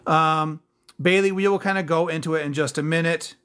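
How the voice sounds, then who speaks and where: A man's voice: a little high, steady tone, a little fast, a bit bright, clear, resonant tone. A man hosting a casual livestream, reading out viewer names and comments in an upbeat, thankful way. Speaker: livestream host.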